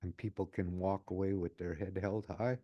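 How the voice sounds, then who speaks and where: A man's voice: low voice, steady tone, moderate pace, highs cut off. A man in his late sixties talking earnestly in an interview as a community advocate, often repeating his phrases. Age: 60s. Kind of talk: reflective interview talk.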